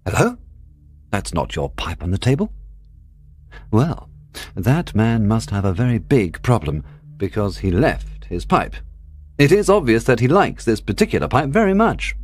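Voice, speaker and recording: A man's voice: lowish voice, very animated, a little slow, long pauses. A man voicing a brilliant detective in a storybook reading, confident, explaining with assurance and some impatience.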